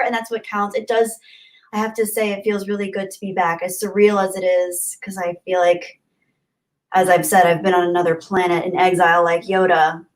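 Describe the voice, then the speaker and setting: A woman hosting a live stream, chatting casually and greeting viewers from the chat with gushing, friendly thanks. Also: fairly low pitch. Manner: warm, gushing, chatty with frequent laughs. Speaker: livestream host. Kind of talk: casual livestream chat reading.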